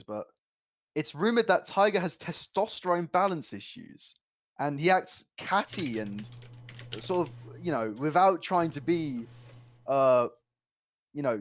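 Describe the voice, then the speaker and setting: A man co-hosting a parody awards stream, with crude, profane rants. His voice is a little higher than most men's and swings around a lot. He keeps a loose, mocking banter going. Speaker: co-host. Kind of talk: comedic livestream awards banter.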